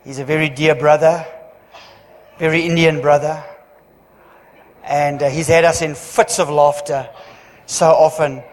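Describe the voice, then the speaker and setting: A man giving church notices as pastor, chatty and joking, with halting restarts. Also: a little high, flat delivery. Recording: long hall reverb.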